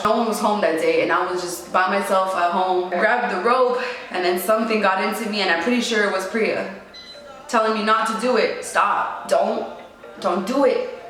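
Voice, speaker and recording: A young woman with a mid-range, fairly bright voice shares a painful personal story as emotional testimony. Her talk is casual and slangy, full of "like" and "yo," recorded in a very echoey room with faint music.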